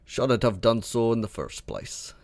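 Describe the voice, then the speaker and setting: A man doing a gruff old dwarf with a brogue. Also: medium pitch, animated, measured pace, a little mellow, no room sound. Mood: boastful. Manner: attempted Scottish brogue, gruff and chatty. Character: old one-eyed boastful male dwarf. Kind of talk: reading game dialogue aloud.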